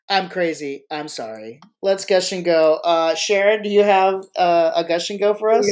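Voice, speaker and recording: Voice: mid-range voice, slight background noise. A podcast host and freelance choreographer chatting casually, rambling and joking with many restarts. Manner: rambling, self-interrupting, joking. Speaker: freelance marching arts choreographer. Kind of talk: casual live podcast chat.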